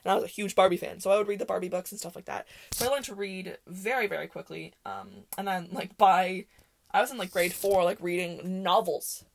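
A woman's voice: mid-range voice, steady tone, fairly quick, creaky, a little hiss or hum. A young woman hosting a podcast, chatting casually and rambling with lots of fillers, often laughing as she talks. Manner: rambling and chatty, with many fillers and self-interruptions; laughs often while talking. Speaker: podcast host. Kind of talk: casual solo chat.

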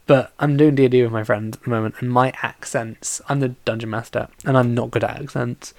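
Gravelly, rambling solo podcast host. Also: medium pitch, steady tone, fairly quick, no echo. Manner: rambling, heavy use of "like" fillers and restarts. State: tired and yawning. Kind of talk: casual solo podcast chat about a film.

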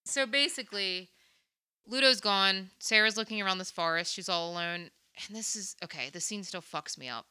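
Bright, clear-voiced woman recapping a movie. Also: medium pitch, normal speed, no room sound. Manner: animated storyteller, swears freely. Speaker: podcast co-host. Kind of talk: casual movie recap chat.

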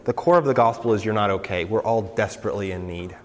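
A young man, a campus pastor talking casually to a student group, his voice nasal from a cold, with lots of relaxed fillers. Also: fairly low pitch, fast. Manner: relaxed, conversational, many fillers. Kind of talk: casual sermon announcements. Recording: reverberant hall.

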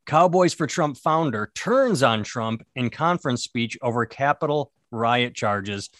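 A man's voice: mid-range voice, expressive, a little slow, fairly bright tone, no echo, clean studio sound. A man who is a stand-up comedian co-hosting a podcast, rambling and sardonic in casual comedic chat. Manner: rambling, sardonic, self-mocking.

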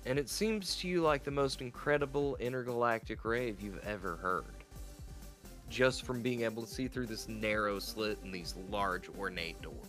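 A man narrating as game master of a tabletop role-playing game, in an animated, playful way. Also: fairly low pitch, normal speed, faint music behind.

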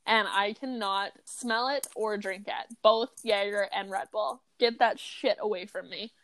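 A woman's voice: mid-range voice, steady tone, a little slow, a bit bright, no room sound. A young woman, co-hosting a podcast in giggly, teasing casual chat full of fillers. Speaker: podcast co-host.

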